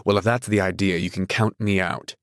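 A man's voice: sits low, fairly even intonation, fairly quick, no echo, studio quality. A man voicing an arrogant wealthy husband who speaks in an incredulous, insulting, snapping way. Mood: scornful.

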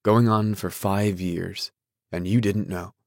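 A man voicing an earnest, polite romantic man who speaks with quiet intensity. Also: low-pitched, steady tone, slow, no room sound, clean studio sound. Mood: insistent.

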